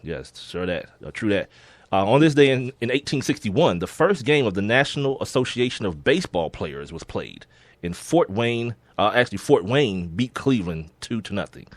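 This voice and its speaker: A laid-back man co-hosts a casual sports podcast, working through the day's listings with slips, chuckling, and laughing often. His low voice is sing-song, and his delivery is loose and unhurried. He sits close to the mic, and the recording is dry.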